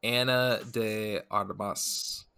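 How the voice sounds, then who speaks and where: A man with a slightly low voice talks through a movie in a loose, unhurried review chat, pausing often on fillers. The sound is dry and close, with no room around it. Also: creaky, clear, resonant tone, no room sound. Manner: relaxed, halting with many fillers. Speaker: podcast co-host.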